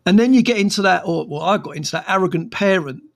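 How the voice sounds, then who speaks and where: A man's voice: high-pitched, lively intonation, fast talker, vocal fry. A man, a therapist talking frankly on his own podcast with many fillers and restarts. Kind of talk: casual solo podcast monologue.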